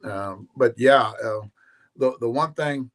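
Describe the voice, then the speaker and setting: A man talking in easygoing, rambling chat as a regular guest on a live stream. His pitch sits right in the middle of the range for men. He drifts from point to point, restarts his sentences and drops in casual curses. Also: slow. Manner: rambling, laid-back, swears casually, repeats words.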